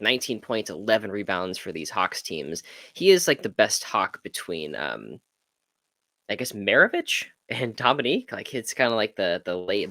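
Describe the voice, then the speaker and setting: Animated male podcast co-host. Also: fairly low pitch, no room sound, clean studio sound. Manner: animated, acts out quotes with swearing. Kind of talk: casual sports debate chat.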